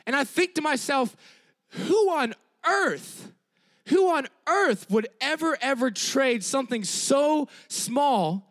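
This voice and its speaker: A high-pitched man delivers a lively sermon, emphatic yet conversational, and repeats his key phrases for weight. He keeps checking in with listeners by tagging "all right?" onto his sentences.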